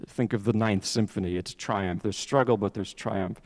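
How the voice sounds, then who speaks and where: Guy w a lowish voice giving a talk on piano, kinda halting, lots of restarts, big echoey hall. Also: steady tone, a little mellow. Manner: halting, conversational, frequent restarts. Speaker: piano lecturer. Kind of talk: public lecture talk. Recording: long hall reverb.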